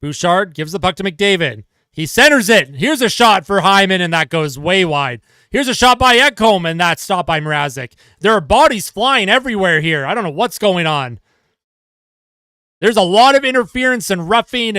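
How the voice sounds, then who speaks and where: Fan commentator, male, high voice, dry close mic; calls plays fast, exasperated and sarcastic. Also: lively intonation, pushed and bright, smooth, no echo. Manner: fast play-by-play, exasperated and sarcastic at his team. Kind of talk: live fan play-by-play commentary.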